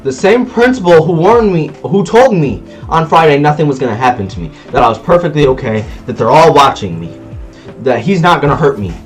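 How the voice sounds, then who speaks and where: A man with a slightly high voice tells a story in a casual vlog, talking in easy slang. He acts out sounds as he goes. Soft music plays underneath. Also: a little fast. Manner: animated storytelling, loud sound effects. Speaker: vlogger.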